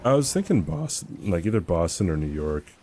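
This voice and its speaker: A man's voice: sits low, sing-song, brisk, darkish tone, slight background noise. A man streaming and answering his chat in a laid-back, slangy, rambling way at a home streaming mic.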